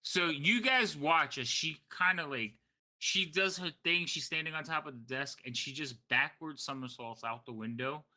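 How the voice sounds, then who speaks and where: A man's voice: fairly high pitch, normal speed, pushed and bright. A man narrating as game master, tired late at night, rambling and correcting himself as he goes.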